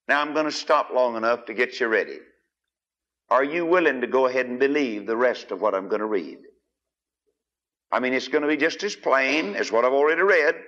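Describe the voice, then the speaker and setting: A man preaching a sermon, emphatic and questioning his listeners, with big swings in loudness. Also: mid-range voice, lively intonation, fairly quick. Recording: dull lo-fi archive recording.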